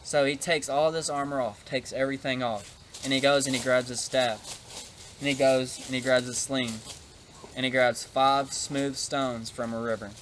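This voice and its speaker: A man of middle pitch talks through a Bible story as if chatting with a youth group. His delivery is loose and unscripted, scattered with fillers. Faint noise sits under the voice. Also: fairly even intonation, moderate pace, a bit bright. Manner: conversational, with frequent fillers; demonstrates a prop while talking. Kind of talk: casual retelling of a Bible story.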